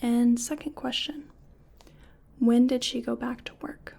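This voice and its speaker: A woman in a whispered role-play as a clinician, giving gentle, patient step-by-step instructions in a soft, breathy whisper. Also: a little high, fairly even intonation, unhurried. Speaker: ASMR artist playing a clinician giving cognitive tests.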